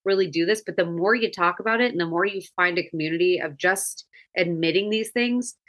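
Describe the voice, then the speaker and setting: Lower-voiced earnest mom podcast host. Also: female voice, fairly quick, fairly bright tone. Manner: earnest, reflective, trailing restarts. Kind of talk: casual chat.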